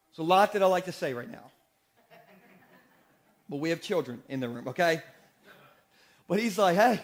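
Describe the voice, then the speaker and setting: A man in his forties delivers an energetic sermon from the pulpit, joking freely and throwing questions out to the congregation. His voice sits high for a man, and his delivery is quick and playful. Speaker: pastor. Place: church sanctuary.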